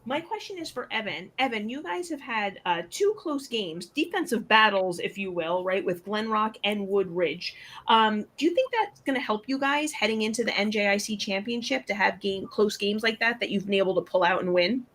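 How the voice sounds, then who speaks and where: Brisk woman hosting a sports show. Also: mid-range voice, expressive, fairly bright tone. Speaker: show co-host.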